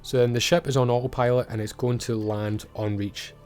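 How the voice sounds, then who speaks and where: A man casually recapping a TV episode and acting out the characters' lines, swearing and animated. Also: medium pitch, brisk, faint music behind. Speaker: video reviewer. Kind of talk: casual recap with acted-out quotes.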